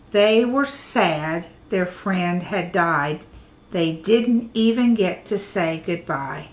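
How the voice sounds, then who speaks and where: A woman reading a picture book aloud to children, expressive, with dramatic pauses. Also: mid-range voice. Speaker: children's storyteller.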